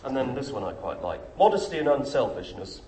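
Man preaching in an echoey hall. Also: brisk. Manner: emphatic, rhetorical questions, lively pitch swings. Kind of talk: sermon. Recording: echoey room with faint noise.

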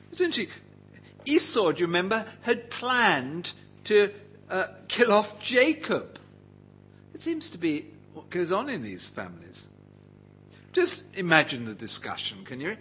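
Unhurried man preaching, lively pitch. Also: slight background noise, low-quality recording. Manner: engaging, asks the listeners questions. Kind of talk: Bible teaching sermon.

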